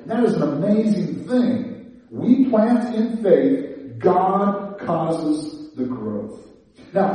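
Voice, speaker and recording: A man preaching a sermon in a conversational, animated way, laughing and restarting as he talks. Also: high voice, very echoey, recorded from a distance, rough recording. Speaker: pastor.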